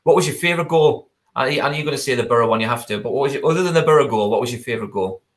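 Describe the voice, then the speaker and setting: A man hosts a live fan talk-in from an echoey room, his pitch sitting mid-range. He teases his guest with quick jokes and reads out viewer questions. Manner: jokey, reading out viewer questions. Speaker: host.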